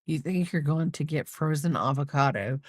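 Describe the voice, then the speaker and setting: A woman's voice: sits low, a little slow, husky, dry recording. Rambling, chatty middle-aged woman, dry sound. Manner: rambling, chatty, trails off mid-sentence. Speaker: crochet channel host. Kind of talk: casual chat while crocheting, replying to viewers.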